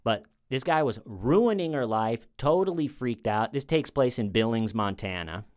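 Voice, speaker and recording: With a medium-pitched, darkish voice and animated delivery at normal speed, this thirty-something comedian spins a meandering true-crime tale at home. He keeps starting sentences over and performs the voices of those he quotes.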